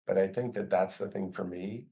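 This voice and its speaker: A man's voice: low-pitched, fairly even intonation, normal speed, vocal fry, mellow, low-quality recording. A man, a business owner as guest, talking casually with many "you know" fillers. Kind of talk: casual conversation.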